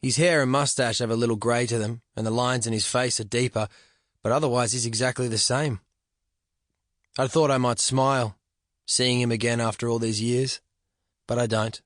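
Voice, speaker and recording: A man reading a literary novel aloud in the first person, reflective and measured, at a close studio microphone. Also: mid-range voice, steady tone, a bit bright, dry recording. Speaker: audiobook narrator.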